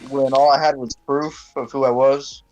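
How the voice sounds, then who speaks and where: A young man chiming in loudly and emphatically during a casual chat among friends. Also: medium pitch, flat delivery, normal speed, soft background music. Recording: dull lo-fi audio.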